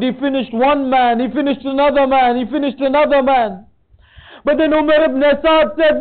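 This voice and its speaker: Male preacher, very high pitch, tearful lamenting delivery, tinny lo-fi recording. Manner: recites in a rising lament, voice breaking toward tears. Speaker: speaker at a mourning gathering. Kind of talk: emotional sermon narration. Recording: tinny phone-like sound.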